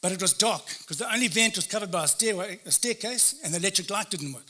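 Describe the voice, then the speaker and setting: A man's voice: high-pitched, expressive, fast talker, sharp tone. A man, a motivational speaker, telling a first-person story in short, punchy phrases. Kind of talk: dramatic storytelling talk.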